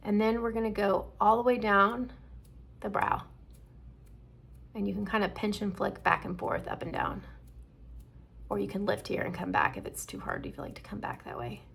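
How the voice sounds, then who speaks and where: A middle-aged woman, an esthetician, calmly walking viewers through a skincare demonstration and checking in often. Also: mid-range voice, moderate pace, creaky, pauses often, slight background noise. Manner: calm instructive, checks in with "okay?".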